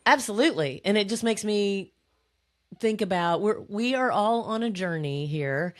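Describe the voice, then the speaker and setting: A woman's voice: medium pitch, lively intonation, normal speed. A woman hosting a podcast, earnest and affirming, speeding up when she relays what others tell her. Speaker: podcast host. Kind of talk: conversational podcast interview.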